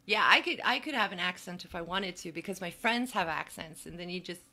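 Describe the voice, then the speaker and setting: A middle-aged woman from Ohio hosting a casual conversation, lively and teasing. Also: on the low side, brisk. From Ohio, United States. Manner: lively, laughs often, teasing. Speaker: host.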